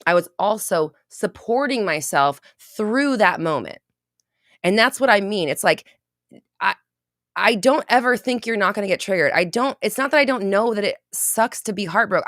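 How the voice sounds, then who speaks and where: A woman's voice: fairly high pitch, sharp tone, dry recording, studio quality. A woman hosting a manifesting podcast, talking in a blunt, emphatic and profane way in casual motivational chat. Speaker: podcast host.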